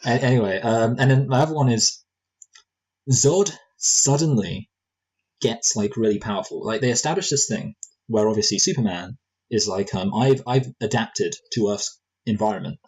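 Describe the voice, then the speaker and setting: A man's voice: fairly low pitch, moderate pace, darkish tone, breathy edge, rough recording. A man co-hosting a casual film review podcast, rambling and joking with lots of fillers and restarts. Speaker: movie review podcast co-host.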